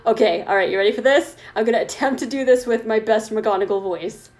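A woman's voice: fairly high pitch, a little fast. A woman co-hosting a casual comedy podcast, reading a story aloud and laughing often. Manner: giggly, animated, laughs often. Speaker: podcast co-host.

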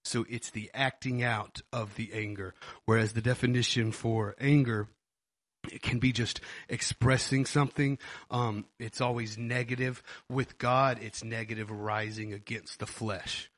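A man's voice: medium pitch, steady tone, measured pace, a bit bright. A man co-hosting a faith podcast, explaining Bible terms in a casual way, often repeating words and checking that listeners follow. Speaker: podcast co-host. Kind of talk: casual Bible teaching chat.

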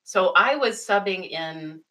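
A young adult woman co-hosting a podcast, telling animated classroom stories with frequent laughter. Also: medium pitch, unhurried, rough recording. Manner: animated storytelling, laughs often, acts out kids' voices. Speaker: podcast co-host. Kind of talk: casual chat.

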